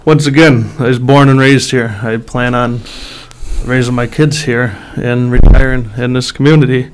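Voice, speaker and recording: A man's voice: medium pitch, steady tone, normal speed, a little hiss or hum. A man running for sheriff, giving a down-to-earth, humble closing statement. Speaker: sheriff candidate. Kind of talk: plain-spoken closing statement. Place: public meeting hall.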